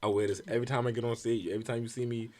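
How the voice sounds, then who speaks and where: A young man from Baltimore with a Baltimore accent, telling a profane, animated story on a casual podcast. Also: mid-range voice, rapid-fire. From Baltimore, USA. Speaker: comedian guest.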